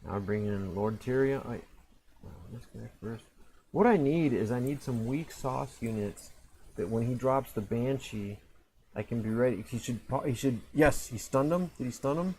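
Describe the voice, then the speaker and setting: A man in the middle of his own match, talking casually and rambling on with fillers and restarts. His pitch sits in the middle, and a faint hiss of noise runs under the voice. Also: normal speed, darkish tone, low-quality recording. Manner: rambling, self-mocking, frequent fillers and restarts. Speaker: gameplay commentator. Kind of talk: casual gameplay commentary.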